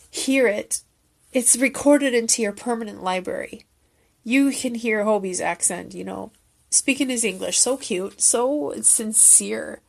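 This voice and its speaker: A woman with a slightly high voice talks through a recap in a casual, heartfelt way. She thinks aloud as she goes, with fillers and small restarts. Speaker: fan commentator.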